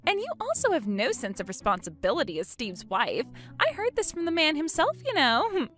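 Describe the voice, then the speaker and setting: A woman plays a smug young mistress, high and sing-song with wildly swooping pitch. She talks with a haughty, mocking giggle, a story-narration voice with faint music underneath. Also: very animated, normal speed, a bit bright.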